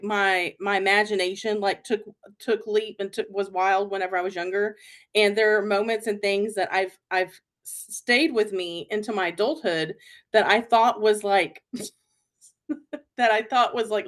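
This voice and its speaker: A young adult woman hosting a podcast, chatting casually in a rambling way with lots of fillers and giggles. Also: mid-range voice. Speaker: podcast host. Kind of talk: casual chat.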